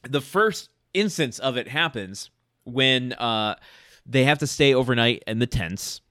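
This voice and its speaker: A man co-hosting a movie podcast, retelling scenes in relaxed, casual storytelling. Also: a little slow, no room sound, studio quality. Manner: relaxed storytelling, lively swings in pitch. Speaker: podcast co-host. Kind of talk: casual movie review chat.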